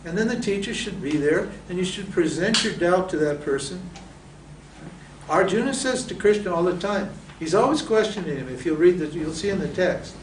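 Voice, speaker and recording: A man's voice: high-pitched, animated, normal speed, slight background noise. Man teaching in a roomy hall. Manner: asks rhetorical questions and answers them. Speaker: Vedanta teacher. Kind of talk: lecture to students. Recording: roomy echo from a distant mic.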